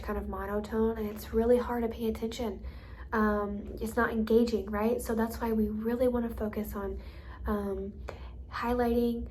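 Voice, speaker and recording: A woman's voice: medium pitch, darkish tone, slight background noise. A woman teaching speech and listening strategies in a casual, explanatory way, with many ums and you-knows. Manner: chatty, many fillers like um and you know. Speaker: hearing therapy educator. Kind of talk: instructional explanation with modeled examples.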